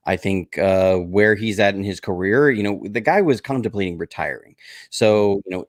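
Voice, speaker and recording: A man appearing as a guest on a casual sports podcast, talking hesitantly and filling pauses with "uh" and "you know.". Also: on the low side, no room sound, studio quality. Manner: hesitant, lots of fillers. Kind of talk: casual chat.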